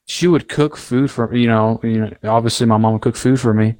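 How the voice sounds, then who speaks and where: A young man in casual chat, telling a story with lively acted-out quotes. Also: mid-range voice, brisk, clear, resonant tone, no echo. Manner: animated storyteller, acts out quotes loudly.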